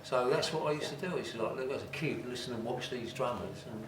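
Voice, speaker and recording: An older man spins stories loudly in a casual chat and laughs easily. He sits a little back from the mic in an echoey shop, with a faint hiss under his voice. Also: medium pitch, quick pace, far from the mic. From England. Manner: storytelling, loud, laughs easily. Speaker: drum shop owner.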